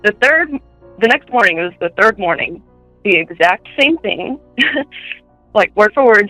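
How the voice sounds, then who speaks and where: A woman telling personal ghost stories in a chatty way, full of fillers, and switching into high voices when she quotes people. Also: animated, unhurried, long pauses, a bit bright, no room sound, soft background music, low-quality recording. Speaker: guest.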